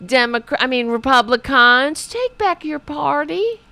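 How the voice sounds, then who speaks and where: A woman's voice: high-pitched, lively intonation, measured pace, vocal fry, bright, forceful tone, dry recording. A woman hosting a political show, ranting in a profane, sarcastic, exasperated way while reading viewers' chat.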